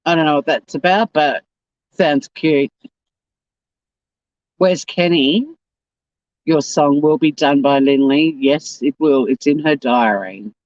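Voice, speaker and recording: Speaking slowly with long pauses in a low, darkish voice, an Australian woman with a South Australian accent hosts a casual YouTube livestream. She rambles bluntly and swears as she reads out comments, over a dry, dull recording.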